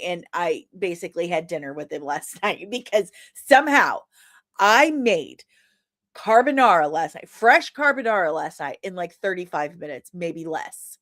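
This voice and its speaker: A sniffly woman with a lingering cough hosting a casual live stream. She greets viewers with loud, sing-song shouts and chats in a playful, teasing way. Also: lowish voice. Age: adult, old enough to remember films from forty years ago. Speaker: host of a daily pop-culture live show.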